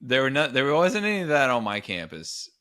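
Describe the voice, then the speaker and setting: A man in his forties co-hosting a comedy podcast, telling stories in an animated way. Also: mid-range voice, a little fast, clear, resonant tone, no echo, clean studio sound. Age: 40s. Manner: animated storyteller, jumps into voices. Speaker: podcast co-host. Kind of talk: casual comedy chat.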